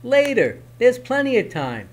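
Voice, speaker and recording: A man voicing a clever, bold young hero who speaks in a lively, teasing way. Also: very high-pitched, measured pace, pitched above the performer's own voice, exaggerated voice. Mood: sly.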